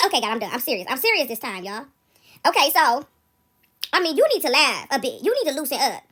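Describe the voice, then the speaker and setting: A young woman spins a casual story straight to her audience, her voice high and bright. She talks fast, swings all over her pitch range, and laughs along the way. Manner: animated, laughs often, talks to the audience directly.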